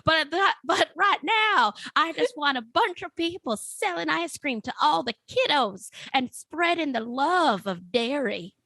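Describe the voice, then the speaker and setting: A woman's voice: high voice, expressive, unhurried, vocal fry, few pauses, bright, forceful tone, no room sound, voice pushed up, heavily acted. A woman putting on the voice of a folksy, rambling 1920s male ice cream truck driver with an old-timey drawl. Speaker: podcast co-host.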